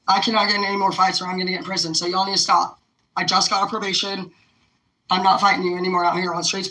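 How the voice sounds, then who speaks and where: A woman's voice: mid-range voice, bright, forceful tone, low-quality recording. A woman livestreaming an unscripted rant, rambling, profane and heated.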